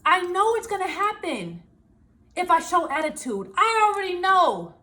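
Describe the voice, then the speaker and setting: A small business owner and vlogger speaks to camera in a high, animated voice at a moderate pace, giving casual self-help talk. She laughs as she talks and acts out her own inner voice.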